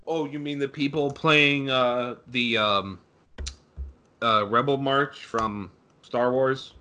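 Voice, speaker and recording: A man's voice: mid-range voice, fairly even intonation, slow pace, pushed and bright. A young man co-hosting a casual sports podcast, sarcastic and ranting, swearing freely. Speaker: podcast co-host.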